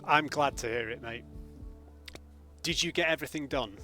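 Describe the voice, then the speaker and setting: A man's voice: medium pitch, moderate pace, sharp tone, soft background music. A man, chatting casually with viewers during a live gameplay stream from home. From England. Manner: chatty, greets viewers by name.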